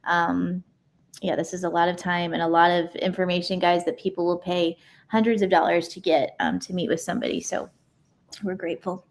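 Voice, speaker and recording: Chatty high-voiced woman. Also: flat delivery, brisk, creaky. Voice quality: self-described high-pitched voice. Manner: chatty, many ums, laughs easily. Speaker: livestream host. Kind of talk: casual live-stream chat.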